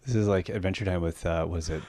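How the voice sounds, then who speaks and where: A man's voice: low voice, quick pace, a little mellow, no room sound, clean studio sound. A man co-hosting a podcast, trading wry, amused banter in casual chat. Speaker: podcast co-host.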